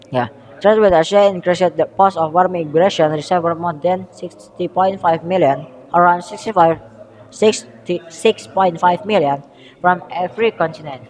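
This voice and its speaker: Young Indonesian-accented male student, slow halting read-through, slightly high voice, reverberant room. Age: young adult. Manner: halting, self-correcting, reads haltingly from notes. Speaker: student presenter. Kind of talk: school history presentation.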